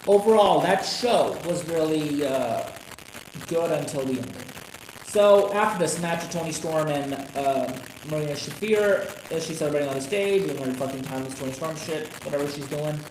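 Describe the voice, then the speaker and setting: A man ranting on a casual live stream about wrestling, swearing constantly and rambling with sudden excited outbursts. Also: a little high, normal speed. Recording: echoey room with noisy background.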